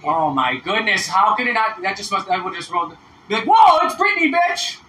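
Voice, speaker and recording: A brash man with a high, bright voice argues crudely in casual podcast chat. He sits back from the mic in an echoey room with a faint hiss behind. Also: animated, fairly quick. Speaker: podcast co-host. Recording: roomy, distant mic with faint noise.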